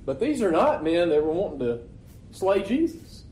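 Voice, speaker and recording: A man's voice: high-pitched, very animated, normal speed, mellow, a little hiss or hum. A man preaching a sermon in a loose, conversational way, often asking rhetorical questions. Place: church meeting hall. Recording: echoey hall recording.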